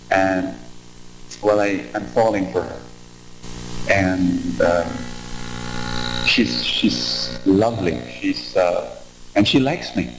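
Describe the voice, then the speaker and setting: A man voicing a troubled married man who quietly and haltingly confesses, heard in an echoey hall with music behind. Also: deep voice, a little hiss or hum, voice pushed down.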